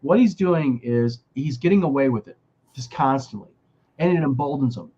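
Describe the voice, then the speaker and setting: A man of middling pitch co-hosts a casual chat show, talking emphatically and restarting his sentences often. His voice comes through muffled and lo-fi. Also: moderate pace, mellow, husky. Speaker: podcast co-host.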